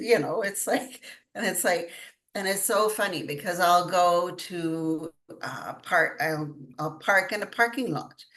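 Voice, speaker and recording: Chatty low-voiced older woman. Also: fairly bright tone. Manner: chatty storytelling, laughs often. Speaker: guest, intuitive channeler. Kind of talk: casual interview chat.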